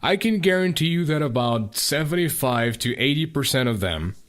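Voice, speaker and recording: Animated, rambling young man co-host. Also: fairly high pitch, normal speed. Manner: animated, rambling, stumbles over his words. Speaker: podcast co-host. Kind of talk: casual chat.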